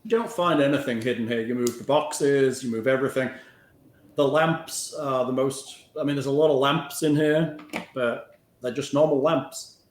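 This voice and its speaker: A man's voice: mid-range voice, moderate pace. A man running a tabletop game as game master, chatty and joking with his players. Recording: roomy echo, faint noise.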